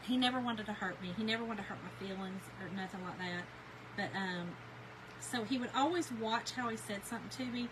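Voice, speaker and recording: A woman's voice: medium pitch, fairly quick, background noise. A middle-aged woman from Kentucky with a Southern accent, chatting casually with a live audience and telling folksy stories. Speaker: crafting livestream host. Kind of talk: casual chat reading live comments.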